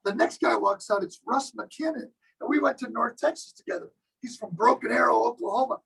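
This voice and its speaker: Guy in his 60s, real high voice, kinda husky and gravelly, tells stories super animated like he's acting them out. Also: brisk, poor audio. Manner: animated storyteller who acts out other people's lines. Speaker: guest drummer. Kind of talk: casual storytelling interview.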